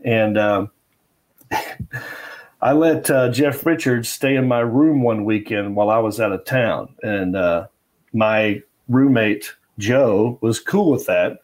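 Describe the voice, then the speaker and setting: A man's voice: lowish voice, slow, a little mellow. A middle-aged man, a comedian guest, telling stories in a loose, rambling way full of fillers. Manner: rambling anecdotal with fillers and restarts. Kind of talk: casual interview storytelling.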